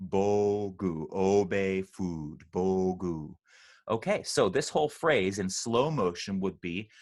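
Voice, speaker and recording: A man leading an online choir rehearsal, patiently explaining pronunciation and slowly demonstrating sounds. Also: deep voice. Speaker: choir director.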